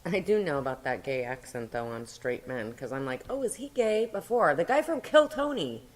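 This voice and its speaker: A young woman co-hosting a casual chat, giggly and animated as she tells stories. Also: extremely low pitch, normal speed. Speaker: co-host.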